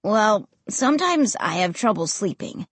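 A woman voicing a sinister boy who speaks low and threateningly in a storybook reading, with a lively delivery. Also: measured pace, husky, dry recording. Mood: soft. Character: sinister boy, quiet and menacing.

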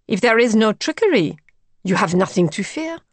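A woman's voice: medium pitch, sing-song, normal speed, dry recording. A woman voicing a grim, suspicious female visitor who speaks firmly, coldly and sarcastically. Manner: firm, cold and sarcastic.

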